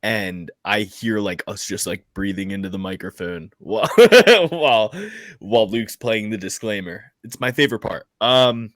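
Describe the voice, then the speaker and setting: A man rambles through podcast banter, full of fillers and quick laughs. His voice sounds dry and close, with no room echo. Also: fairly low pitch, fairly even intonation, fairly bright tone. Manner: rambling, giggly, filler-heavy. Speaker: podcast co-host.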